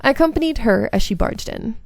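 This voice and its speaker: A woman reading visual novel narration aloud, with small slips and stumbles along the way. Her voice is gravelly with vocal fry. The sound is close and dry. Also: a little high, expressive, fast talker, a little mellow, no room sound. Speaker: game streamer.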